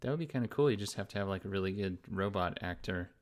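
Very low-voiced woman chatting. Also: animated, quick pace, darkish tone. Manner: chatty, joking asides, many fillers. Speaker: podcast co-host. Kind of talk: casual chat.

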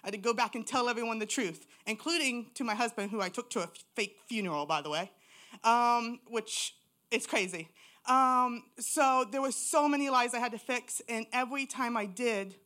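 A woman's voice: fairly high pitch, moderate pace, sharp tone. Woman, church testimony, raw and candid storyteller. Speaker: church member giving testimony.

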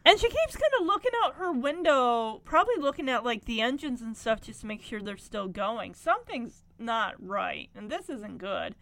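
A woman's voice: on the high side, big pitch swings, moderate pace, creaky, hardly any pauses, a bit bright, no echo. A woman casually recapping a TV episode, chatty and rambling with lots of fillers.

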